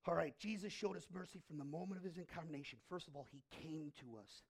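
In a church sermon, a male pastor tells the story theatrically, swinging between loud emphasis and whispered hushes. His voice leans high and creaky, and he moves at a quick pace.

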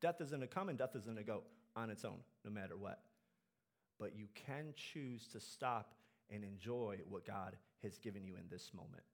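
A male pastor preaching a sermon in church, animated, swinging between loud exhortation and quiet, earnest asides. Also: fairly low pitch, moderate pace.

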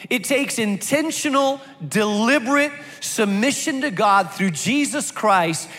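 A man's voice: extremely high pitch, expressive, measured pace, sharp tone, in a large hall, faint music behind. A man preaching a sermon to a congregation, driving his points home with emphatic repetition. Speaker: pastor.

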